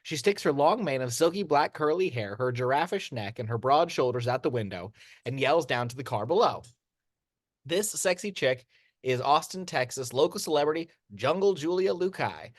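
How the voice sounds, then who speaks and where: A man narrating screenplay action lines in an amateur audio drama, steady but with occasional stumbles and restarts. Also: fairly high pitch, normal speed, no echo, studio quality.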